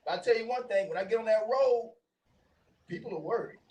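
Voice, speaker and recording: High-pitched guy chatting away on a talk show, animated, laughs a lot, sounds a bit far from the mic. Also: brisk. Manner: animated storytelling, laughs often. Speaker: co-host. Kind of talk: casual chat.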